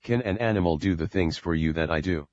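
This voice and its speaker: A man's voice: low-pitched, a little fast, a little mellow, no echo, lo-fi sound, natural voice. A man voicing a jealous, quarrelsome young woman in an audiobook, speaking in a bickering, defensive way.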